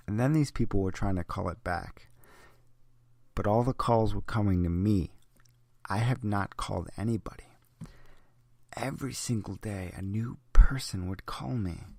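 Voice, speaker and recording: A man's voice: on the low side, vocal fry, a little mellow, no echo. A young man, a little drunk, rambling and swearing his way through a solo podcast monologue. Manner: profane, rambling, tipsy. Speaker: podcast host.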